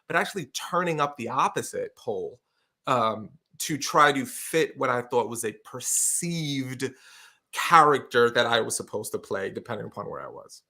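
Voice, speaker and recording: A man with a bright, forceful voice tells stories as a guest on a talk show. He speaks with lively energy and explains his points with feeling. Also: mid-range voice, normal speed, vocal fry. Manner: energetic, expressive storyteller with many fillers and restarts. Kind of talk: casual conversational interview.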